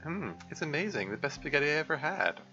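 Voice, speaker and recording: Dude doing a sweet caring young woman, a bit higher, bright, lo-fi sound. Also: very animated, quick pace, full character voice. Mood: grateful.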